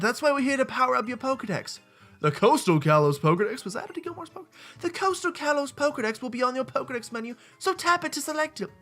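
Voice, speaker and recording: A gamer voicing chipper game helpers in a high, sing-song mock British accent while reading the dialogue aloud. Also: fairly bright tone.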